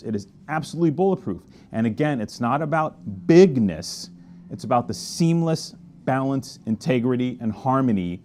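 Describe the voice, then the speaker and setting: A man of middle pitch hosts a casual wine review, chatty and enthusiastic. He murmurs appreciatively as he tastes and talks in loose, friendly asides. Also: darkish tone, a little hiss or hum. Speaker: wine merchant host.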